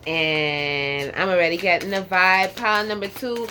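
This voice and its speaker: A woman's voice: mid-range voice, unhurried, hardly any pauses, sharp tone, slight background noise. A woman giving a casual pick-a-card tarot reading in a sassy, profane, emphatic way, drawling words for emphasis and tagging lines with "okay?".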